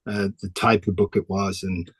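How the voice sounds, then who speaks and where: Low-voiced man, dry sound. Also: flat delivery, normal speed, husky, dry recording. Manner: chatty, laughs often, restarts sentences. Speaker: comic artist guest. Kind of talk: casual interview chat.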